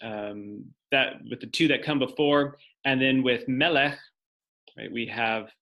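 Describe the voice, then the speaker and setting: A man's voice: medium pitch, unhurried, lo-fi sound. A man giving a step-by-step lecture, thinking aloud as he writes on a board. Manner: explanatory, thinks aloud while writing on a board. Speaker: teacher. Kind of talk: classroom lecture.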